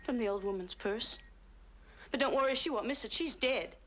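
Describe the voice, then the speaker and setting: A woman's voice: a little high, normal speed. An actress playing a sensitive young woman who questions her mysterious lover earnestly in a 1970s TV drama. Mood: tense. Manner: earnest, probing, turns soft and breathy when tender.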